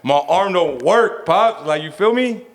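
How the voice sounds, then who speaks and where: A man's voice: sits high, a little slow. A man co-hosting a podcast, telling a family story in casual slang and acting out his father's lines. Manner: slangy, animated, acts out his dad's voice. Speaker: podcast co-host.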